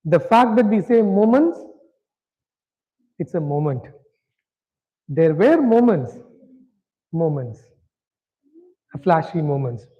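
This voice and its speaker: A man's voice: on the high side, sing-song, slow pace, long pauses, lo-fi sound. A man teaching a scripture class, talking conversationally and often checking that his audience is following. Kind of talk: interactive lecture.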